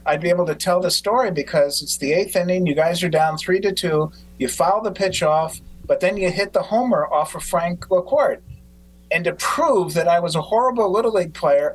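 A man hosting a podcast who tells stories in an animated way and acts out quotes. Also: sits high, low-quality recording. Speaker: podcast host. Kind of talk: casual conversation.

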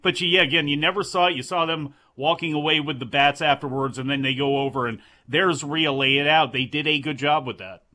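A man co-hosting a wrestling talk show, giving measured, analytical opinions in casual chat. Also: on the high side, steady tone, pushed and bright. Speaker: wrestling podcast co-host.

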